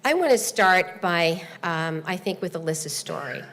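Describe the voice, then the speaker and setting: A woman with a lowish voice gives a formal, earnest speech to a seated audience. She tells her story at a measured pace, with pauses and small fillers. Her voice echoes with a long reverb through a large hall. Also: lively intonation, background noise. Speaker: event host and presenter. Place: large hall at a speaking seminar.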